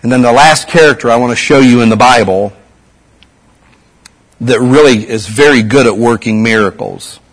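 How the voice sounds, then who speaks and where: A man's voice: mid-range voice, normal speed, rough recording. A man preaching a sermon in a conversational way, asking his audience rhetorical questions.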